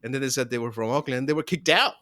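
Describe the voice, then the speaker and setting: A man's voice: medium pitch, fast, bright, forceful tone, no room sound, studio quality. A man co-hosting a casual podcast from home over a call, joking, laughing and swearing as he chats. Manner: swearing, laughing, jokey banter. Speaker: podcast co-host. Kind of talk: casual chat.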